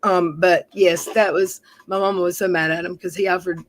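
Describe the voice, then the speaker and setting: A woman's voice: fairly low pitch, steady tone, brisk, dry recording, poor audio. Chatty woman streamer, dry sound. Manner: rambling, self-correcting, chatty. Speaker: livestream host. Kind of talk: casual storytelling chat.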